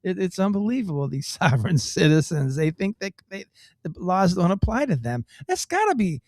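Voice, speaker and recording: A man's voice: high-pitched, big pitch swings, moderate pace, a little mellow, no room sound, studio quality. A man co-hosting a radio show in casual chat, rambling and incredulous, often restarting his sentences. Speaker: radio co-host.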